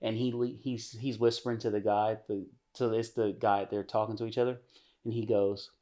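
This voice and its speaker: A man's voice: lowish voice, level tone, brisk, warm tone. A man co-hosting a podcast, retelling a story in casual chat with many restarts. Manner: rambling, many restarts, acts out quotes. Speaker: podcast co-host.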